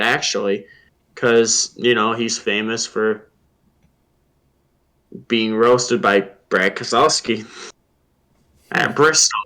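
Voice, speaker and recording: A man with an ordinary mid-range voice tells loose, rambling stories on a casual podcast. He fills gaps with "um" and "like" and acts out his own reactions in quotes. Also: medium pitch. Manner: relaxed storytelling with fillers and quoted asides. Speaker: podcast guest.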